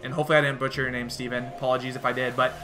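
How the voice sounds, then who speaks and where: A man's voice: medium pitch, little pitch movement, racing, music in the background. A man with a Chicago accent hosting a casual podcast, talking loosely and upbeat with plenty of fillers. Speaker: podcast host.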